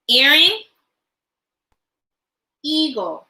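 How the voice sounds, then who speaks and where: Female teacher, high bright voice, unhurried sing-song delivery to little kids on a livestream. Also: reverberant, rough recording. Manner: sing-song, cheerful teacher talk with call-and-response questions. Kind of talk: livestreamed classroom lesson for young children. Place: home, online class livestream. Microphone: computer or phone mic on a livestream.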